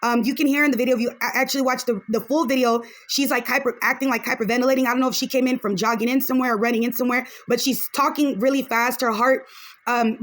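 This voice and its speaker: A woman hosting a podcast, giving frank, chatty reaction commentary on a video and dropping in a few Spanish phrases. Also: a little high.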